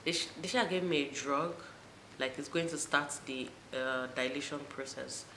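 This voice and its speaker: A young woman recounts a personal story to camera in a low, unhurried voice. She gets animated and jumps high for the remembered moments. The room is echoey, with a faint hiss behind her. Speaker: vlogger.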